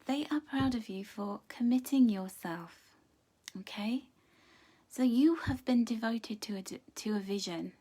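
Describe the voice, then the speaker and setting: A woman's voice: on the high side, unhurried, breathy edge. Encouraging woman doing a card reading. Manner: gentle, encouraging, chatty, greets viewers by name. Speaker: angel card reader. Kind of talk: live pick-a-card reading.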